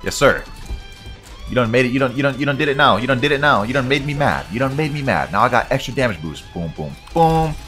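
A man's voice: mid-range voice, fast, faint music behind. A man giving hyped, slang-filled let's-play commentary, hyping himself up as he plays. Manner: excitable, slangy, hypes himself up. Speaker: gaming YouTuber.

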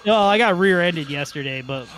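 Higher-voiced rambling "dude" guy. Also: expressive, moderate pace, fairly bright tone, slight background noise. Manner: rambling, says "dude" a lot, chuckles. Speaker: let's play co-host. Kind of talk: casual gaming chat.

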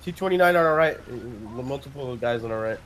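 Deadpan gamer calling out enemies. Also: male voice, medium pitch, low-quality recording. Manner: provocative deadpan jokes, quick callouts. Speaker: gaming friend. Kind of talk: casual gaming chat.

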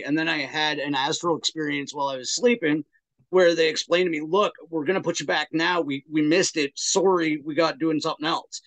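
A man's voice: on the high side, a bit bright. A man on a podcast, chatting casually and telling his own story in a laid-back, easygoing way. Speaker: podcast guest. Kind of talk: casual chat.

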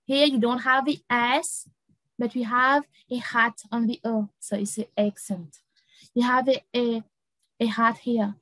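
A young woman leads a children's language lesson, speaking slowly and repeating each word. Her voice sits a little high, and she laughs easily. The sound is close and dry, with no room around it. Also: dry recording, low-quality recording. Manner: slow, repeats words, laughs often. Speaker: French teacher for kids.

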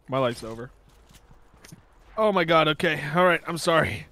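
Excitable male streamer. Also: on the high side. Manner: excitable, quick exclamations. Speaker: streamer playing a battle royale game. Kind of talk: casual gaming chat.

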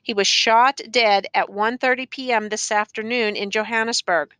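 Audiobook part: a grave police captain, formal and measured, read by a woman with a bright tone. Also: a little high, steady tone, clean tone, no echo.

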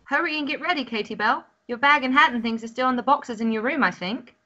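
A gentle, fussing mother from a video game, read by a woman. Her voice is bright and slightly high, coming through a dull, lo-fi mic. She reads calmly, as game text. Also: fast. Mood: caring. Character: caring mother, woman, middle-aged, fussing.

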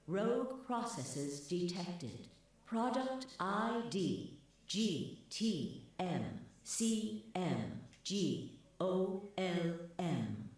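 Cold echoing computer system. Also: female voice, on the low side, exaggerated voice. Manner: flat, measured announcements. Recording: heavy echo on voice.

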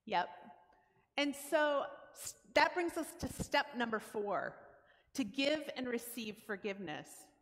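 A woman's voice: on the high side, animated, slow, fairly bright tone. A woman giving a conversational church talk, explaining steps plainly and acting out everyday dialogue. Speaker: guest speaker at church. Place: church sanctuary. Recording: long church hall reverb.

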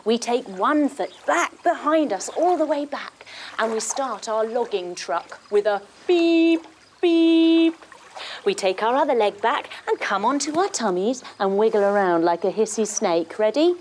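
A woman's voice: a little high, lively intonation, normal speed, a little mellow, a little hiss or hum. A young woman leading a children's yoga story, playful and singsong, full of sound effects and movement cues. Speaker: kids yoga instructor. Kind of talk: guided kids yoga story.

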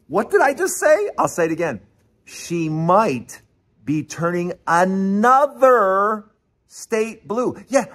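An excited male host with a high voice that swings up and down a lot. He teases his listeners, stammers and repeats himself as he talks on his own. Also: breathy edge. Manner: animated, teasing, repeats and stammers. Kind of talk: excited solo political commentary.

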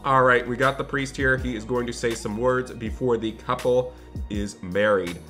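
A man's voice: medium pitch, steady tone, moderate pace, fairly bright tone, soft background music. A man hosting a game role-play video, chatting upbeat and directly to his viewers. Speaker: gaming channel host.

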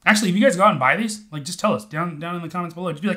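A man co-hosting a casual whisky tasting chat, playful and quick to laugh, talking to beginners. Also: sits high, pushed and bright. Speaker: whisky reviewer.

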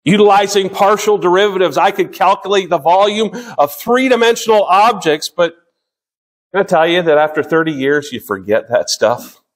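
High-voiced preacher in his fifties. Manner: earnest, slows down to read scripture, frequent restarts. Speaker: pastor. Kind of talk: sermon.

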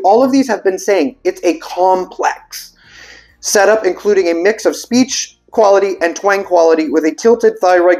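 A man's voice: high voice, darkish tone. A man, a vocal coach, reading terms aloud and reacting with puzzled asides, now and then singing vowels to show them. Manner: breaks into sung vowel demonstrations. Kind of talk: casual explainer video.

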